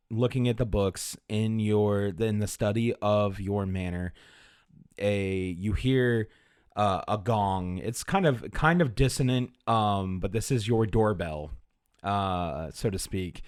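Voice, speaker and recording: Hesitant male game master, low voice. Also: takes it slowly, smooth, dry recording, studio quality. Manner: hesitant, many fillers and restarts. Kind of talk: narrating a tabletop game.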